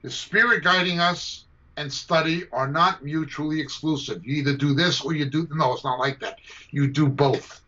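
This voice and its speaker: A combative man lecturing on scripture, his voice high and sharp as he drives each point home and repeats it for weight. It comes through a dull, lo-fi video call line. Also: moderate pace. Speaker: Bible teacher. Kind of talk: emphatic teaching answer to a question.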